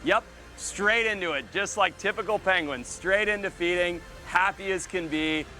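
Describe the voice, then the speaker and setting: A man presenting wildlife on location, excitable and exclamatory, cooing at the animals he is showing. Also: high voice, normal speed, soft background music.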